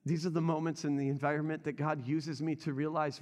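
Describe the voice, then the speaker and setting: A male pastor with a notably high voice delivers a sermon, speaking conversationally and turning straight to his congregation. His words ring out with the long reverb of a big church hall. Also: level tone, brisk, hardly any pauses, a little mellow. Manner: conversational, addresses the congregation directly.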